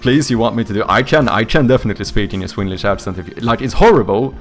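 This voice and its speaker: Faint music plays behind this young Swedish man, a streamer who makes indie games, as he talks quickly in a lowish voice. English is his second language, carrying a light Swedish accent, and he rambles casually with viewers, hunting for words and cursing occasionally.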